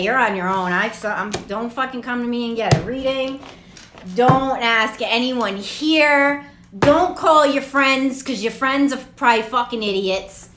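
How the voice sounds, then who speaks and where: A woman's voice: on the high side, reverberant, background noise. A woman doing a casual tarot reading vlog, talking in a rambling, profane and laughing way. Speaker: tarot reader.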